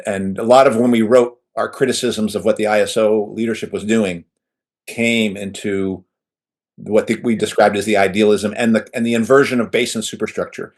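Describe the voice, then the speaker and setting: Low-voiced man, halting and self-correcting. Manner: halting, self-correcting, restarts mid-phrase. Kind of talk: casual political discussion.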